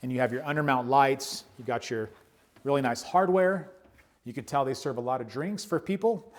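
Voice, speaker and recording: A man's voice: mid-range voice, expressive, a little fast. A man who works as a real estate broker, chatting enthusiastically as he walks through a house and points out its features. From United States. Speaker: real estate broker giving a home tour. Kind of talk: walkthrough home tour narration. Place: indoors in a large house, walking room to room.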